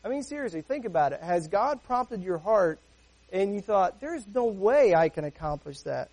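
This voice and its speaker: A man's voice: high-pitched, big pitch swings, moderate pace, a little mellow. A man preaching a sermon in a conversational way, full of rhetorical questions and acted-out voices, speaking as a father and pastor.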